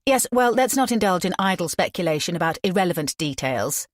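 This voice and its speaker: A woman's voice: lowish voice, sing-song, dry recording, clean studio sound. Woman playing a snappish female police chief. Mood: brisk, curt. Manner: snappish, brisk. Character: sharp, impatient female senior police officer.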